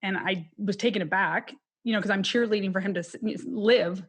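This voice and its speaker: A woman's voice: medium pitch, brisk, husky. A woman, a criminologist and podcast guest, telling a personal loss story in an earnest, candid and emotional way.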